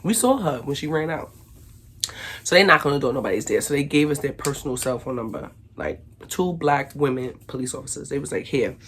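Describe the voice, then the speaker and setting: A woman telling a casual storytime to her viewers, slangy and animated, acting out what everyone said. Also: very deep voice, slight background noise. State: recovering from illness. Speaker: vlogger.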